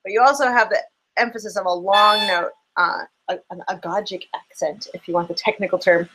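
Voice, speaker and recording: A relaxed fiddle teacher talks through a lesson into a computer microphone. They count beats and hum rhythms while working things out aloud, at an ordinary middle pitch. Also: brisk, poor audio. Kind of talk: casual online lesson.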